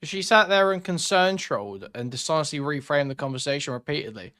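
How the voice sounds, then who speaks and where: A man's voice: fairly high pitch, expressive, fairly quick, bright, forceful tone. A man hosting a reaction commentary stream, ranting sarcastically and swearing as he talks to his chat.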